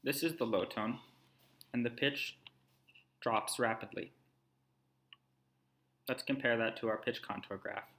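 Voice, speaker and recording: A man narrating a screen-recorded tutorial, explaining calmly and step by step. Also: medium pitch, unhurried, long pauses. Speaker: language instructor.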